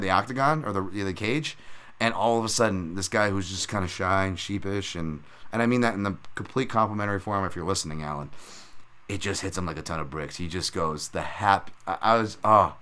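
A man's voice: fairly low pitch, sharp tone, clean tone. A man hosting a podcast, recapping fights in a casual, rambling way and calling his listeners folks. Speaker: podcast host.

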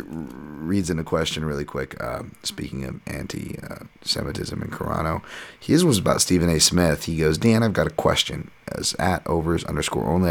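A man's voice: rumbling low, vocal fry. A man hosting a podcast in a casual, rambling monologue that wanders off on tangents. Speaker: podcast host.

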